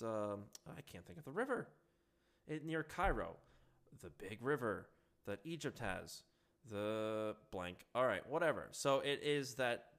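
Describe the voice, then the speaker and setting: A man's voice: mid-range voice, a bit bright. A man delivering heated solo political commentary, sarcastic and profane, reacting to what he reads.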